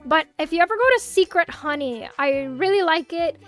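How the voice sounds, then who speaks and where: A young woman with a Miami Hispanic accent, chatting casually on a livestream, animated and swearing freely as she answers chat. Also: extremely high pitch, normal speed, faint music behind. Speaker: VTuber streamer.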